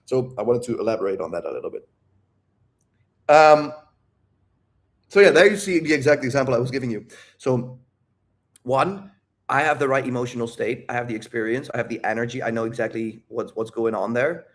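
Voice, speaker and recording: A man hosting a casual live Q&A on dating, with a mid-range voice. He swears freely, rambles off on tangents and keeps catching and correcting himself. His delivery is animated and unpolished. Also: mid-range voice, a little fast, long pauses. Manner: profane, animated, rambling with self-interruptions. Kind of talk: casual livestream talk.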